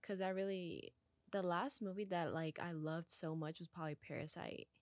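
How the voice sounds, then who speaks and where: A woman's voice: fairly low pitch, fairly even intonation, normal speed, no room sound. A woman guest on a podcast in casual chat, laid-back and a little hesitant, in a studio.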